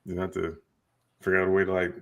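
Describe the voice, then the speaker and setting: A man's voice: sits low, completely flat delivery, fast talker, a bit bright. A man co-hosting a podcast, talking bluntly and emphatically with plenty of profanity in casual chat. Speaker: podcast co-host.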